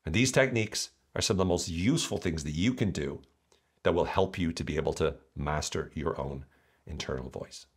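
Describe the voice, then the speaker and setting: A man, hosting a solo podcast in a lively, jokey way with mocking asides. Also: very deep voice, a little fast, husky. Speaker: podcast host.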